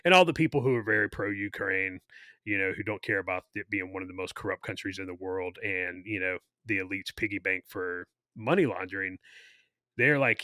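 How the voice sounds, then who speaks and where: A man co-hosting a casual podcast, with a somewhat low yet bright, forceful voice. He rambles and restarts his sentences, leaning on fillers as he goes. The sound is close and dry. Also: normal speed, no echo. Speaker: podcast co-host; army veteran.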